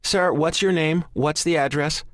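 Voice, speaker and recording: A man voicing a female emergency dispatcher in an audiobook, speaking in a calm, procedural way. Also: fairly high pitch, measured pace, no echo, clean studio sound, pitched above the performer's own voice. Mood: brisk. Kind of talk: audiobook character voice.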